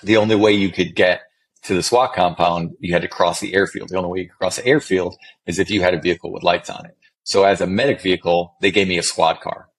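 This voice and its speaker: A man's voice: low voice, fairly even intonation, quick pace, slight background noise, rough recording. A middle-aged man, a former special forces medic, telling stories as an interview guest in a casual, rambling way with many restarts and some swearing.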